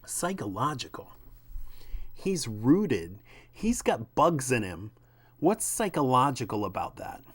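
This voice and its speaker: A man's voice: medium pitch, sing-song, slow pace, husky, pitched above the performer's own voice, heavily acted. A man voicing a frightened young woman in a comic book reading, in a raised, pleading voice. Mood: indignant.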